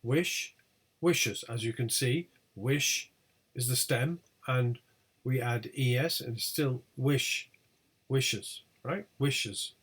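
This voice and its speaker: A man teaching a recorded pronunciation lesson, reading out example words one by one with clear, deliberate delivery. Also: mid-range voice, a bit bright. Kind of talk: recorded lecture over slides.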